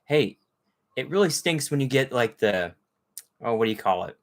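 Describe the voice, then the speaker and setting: A man's voice: mid-range voice, animated, moderate pace. A man hosting a casual livestream, chatting with viewers in a rambling way and greeting them by name. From Texas. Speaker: livestream host. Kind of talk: casual live chat with viewers.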